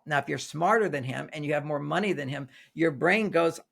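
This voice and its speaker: Older man, interview guest, gravelly, fairly high voice, anecdotal, repeats phrases. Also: fairly quick, hardly any pauses, fairly bright tone. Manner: storytelling, repeats and restarts phrases. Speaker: relationship author, guest.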